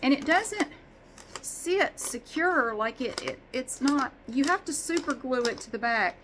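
A woman's voice: sits high, lively intonation, measured pace, background noise. A woman vlogger chatting casually, rambling and swearing with self-deprecating humor. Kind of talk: casual chat.

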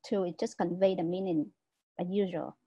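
Mellow woman lecturing. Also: on the low side, fairly even intonation, normal speed, slightly rough, lo-fi sound. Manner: explanatory, checks understanding with frequent "right?". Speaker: teacher trainer. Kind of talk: online lecture. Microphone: video call.

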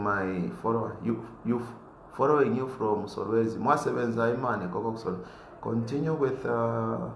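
A man who wants to be a politician reads viewer comments aloud on a live stream, laughing often and getting loud when he is fired up. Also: mid-range voice, gravelly, echoey room, slight background noise.

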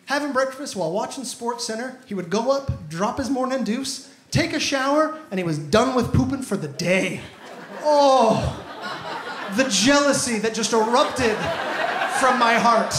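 High-voiced stand-up comic, echoey club. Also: male voice. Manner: animated, exasperated storytelling. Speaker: stand-up comedian. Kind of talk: stand-up comedy set. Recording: echoey venue with loud audience ambience. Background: audience laughter.

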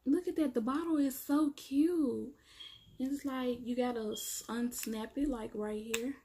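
Woman vlogger, unhurried delivery, gushing casual review, talks to viewers as y'all. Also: high voice. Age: adult, has kids. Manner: excited, chatty, addresses viewers as y'all. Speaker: beauty vlogger.

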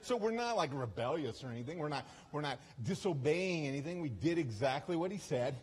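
A man with a slightly high, husky voice speaks as a guest preacher at a church service. He tells a story in a loose, conversational way, laughing at himself and often restarting his sentences. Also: animated, brisk, darkish tone. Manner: chatty, self-deprecating, with frequent restarts and asides. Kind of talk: storytelling sermon.

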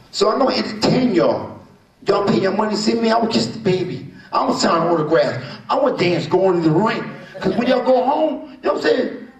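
A man's voice: sits high, vocal fry. An older man from New Jersey, a boxer at a press conference, talking in a rambling, boastful, playful way. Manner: rambling, boastful, playful, leans on "you know what I'm saying". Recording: echoey room from far off.

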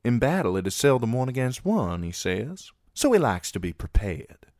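A man voicing a courteous, guarded young knight in a measured, polite way. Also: mid-range voice, very animated, darkish tone, dry recording, clean studio sound, pitched above the performer's own voice.

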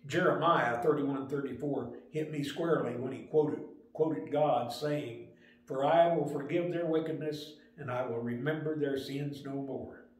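An older man giving a Sunday school lesson, telling stories in a plain, unhurried way with small restarts. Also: medium pitch. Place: church room. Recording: very echoey room.

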